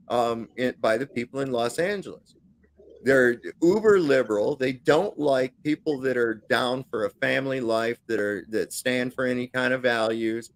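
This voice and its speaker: A man talking bluntly and profanely in a casual livestream chat over a video call, with frequent fillers and restarts. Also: medium pitch.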